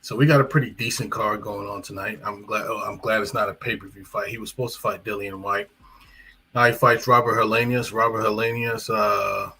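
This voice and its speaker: A man's voice: on the low side, steady tone, fairly quick, creaky, sharp tone, slight background noise, low-quality recording. A man hosting a live boxing talk stream, chatting in a rambling way with fillers and self-corrections. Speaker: boxing commentator and channel host. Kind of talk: casual live-stream commentary.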